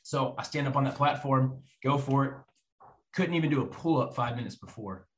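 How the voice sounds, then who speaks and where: A man telling a personal faith story to an audience, animated and acting out the voices of people in it. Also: mid-range voice, moderate pace, slight background noise. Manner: animated, acts out quoted voices. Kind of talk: storytelling testimony. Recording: roomy echo.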